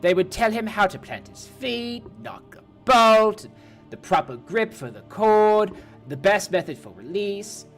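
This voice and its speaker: A man's voice: sits high, animated, measured pace, fairly bright tone, soft background music. A man reading a game book aloud on a stream, casually, swearing and stumbling over words now and then. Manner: irreverent, swears, stumbles and restarts while reading.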